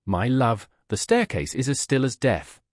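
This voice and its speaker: A man voicing a gentle elderly doctor and father who speaks calmly and soothingly, in an audiobook. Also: mid-range voice, a little slow, dry recording, clean studio sound. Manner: calm, soothing.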